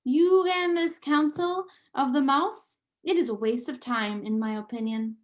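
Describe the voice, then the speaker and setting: A haughty, vain French mother mouse, put on by a woman reading aloud. She speaks in a high, lilting voice with a put-on French accent and unhurried, exasperated phrasing. It is a storybook character, theatrical and dismissive.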